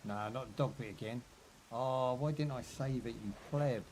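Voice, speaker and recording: A man's voice: medium pitch, measured pace, a little mellow, slight background noise. A man chatting jokily as he live-streams a video game. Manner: joking, chatty, talks to himself and chat. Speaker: livestream gamer. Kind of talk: casual gameplay commentary.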